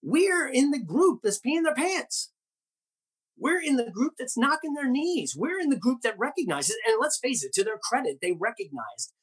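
A male pastor delivers a sermon with a husky, slightly breathy voice. His pitch swings widely as he tells the story with animation and asks the listeners pointed rhetorical questions. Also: sing-song, normal speed, fairly bright tone.

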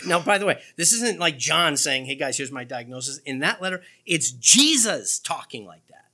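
A male preacher delivering a sermon with a bright, forward voice. His delivery swings widely in pitch, and he leans hard into sarcastic lines and throws in quick remarks to the congregation. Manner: animated, sarcastic emphasis, quick asides to the congregation. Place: church.

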